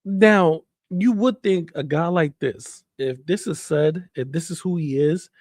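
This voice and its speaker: Male streamer, angry rant; slightly raised pitch, dead-dry close mic. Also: a little slow, darkish tone, no room sound. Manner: heated, repetitive, trash-talking, swears. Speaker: commentary streamer. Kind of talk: ranting commentary.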